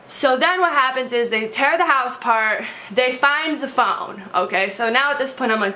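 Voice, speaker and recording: A woman's voice: sits high, moderate pace, hardly any pauses, sharp tone. A young woman vlogging to camera, telling a story bluntly with lots of swearing, fillers and restarts.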